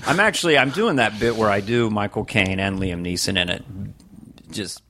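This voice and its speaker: A man's voice: fairly low pitch, moderate pace. A male comedian as an interview guest, chatting casually and swearing. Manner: animated, swearing, slips into impressions.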